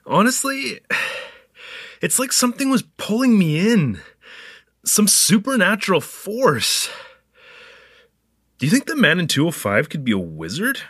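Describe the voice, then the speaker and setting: A man voicing a young diarist, lively swinging pitch, bright, dry close recording, animated and joking. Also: measured pace, pauses often, slightly rough, no room sound, exaggerated voice. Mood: playful. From Canada. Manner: animated, joking, wandering asides. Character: young male newcomer keeping a spoken diary, curious, chatty. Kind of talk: audio drama narration.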